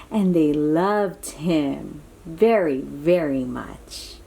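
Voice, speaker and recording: A woman reads a storybook aloud for small children, taking her time over each line. Her voice swoops up and down with lively, exclamatory expression, and she keeps breaking off to chat warmly with her young listeners. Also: lowish voice, slow pace, gravelly, a little hiss or hum. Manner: animated, exclamatory, chatty asides to young listeners. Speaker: children's book reader.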